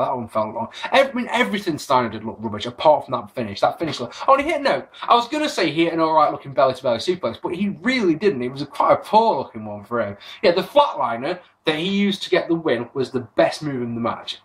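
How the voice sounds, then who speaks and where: A British man hosting a casual solo podcast, reviewing with sarcasm and plenty of swearing. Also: on the high side. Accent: British English. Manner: animated, sarcastic, swears freely. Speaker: podcast host.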